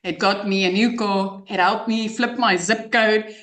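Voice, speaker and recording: A woman with a South African accent giving an emotional, excited testimonial as a guest. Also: mid-range voice, unhurried, roomy sound. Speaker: guest client.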